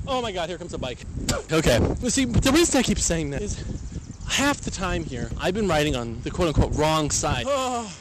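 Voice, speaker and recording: A man's voice: fairly high pitch, sing-song, moderate pace. Young male co-host, rambly and goofy, talking live while biking outdoors; slightly raised voice. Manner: rambling, goofy, narrating his ride live. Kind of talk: casual chat while biking. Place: outdoors on city streets and bike paths. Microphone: handheld mic carried on a bike. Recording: loud outdoor wind noise. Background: loud wind and traffic noise.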